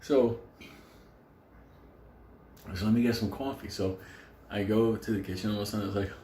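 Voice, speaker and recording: A man telling a profane, animated story in casual vlog style, laughing often and acting out quotes. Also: on the low side, moderate pace, long pauses, roomy sound, slight background noise. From New York City. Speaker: storyteller vlogger.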